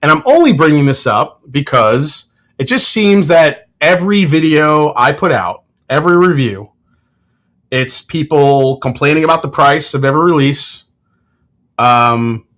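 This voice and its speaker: A man hosting a casual livestream, talking in a relaxed, rambling way and reading viewer comments aloud, with plenty of fillers and restarts. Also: fairly high pitch, measured pace. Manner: frequent fillers and self-corrections. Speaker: whiskey reviewer and channel host.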